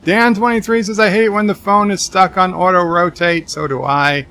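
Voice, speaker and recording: Man, game streamer, gravelly rasp, fairly high voice, deadpan jokes, rambling live-stream chat reading. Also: moderate pace. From Texas. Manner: joking, deadpan replies to viewer comments; rambling asides with many restarts.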